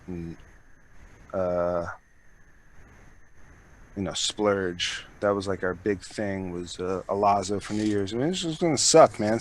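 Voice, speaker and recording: A man's voice: on the low side, a bit bright. Podcast host guy, rambly and swearing a lot, lots of "like" and "you know". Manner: loose, rambling and profane, full of fillers. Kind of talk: casual chat.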